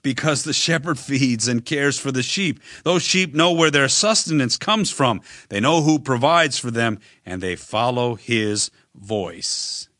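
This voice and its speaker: Bright-voiced preacher man, earnest. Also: medium pitch, lively intonation, no echo, studio quality. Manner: earnest, measured preaching with slow emphatic phrases; direct address to listener. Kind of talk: sermon.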